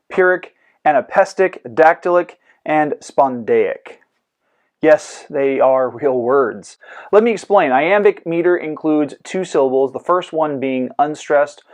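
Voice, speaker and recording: A man hosting a scripted educational podcast about poetry, lecturing clearly and dropping in goofy comic asides. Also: a little high. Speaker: host.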